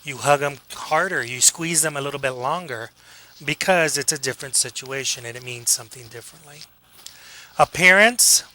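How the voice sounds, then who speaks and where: A man giving a casual classroom lecture, joking with students, acting out quick examples and checking in with a frequent "okay?". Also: mid-range voice, pushed and bright, poor audio. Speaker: college lecturer.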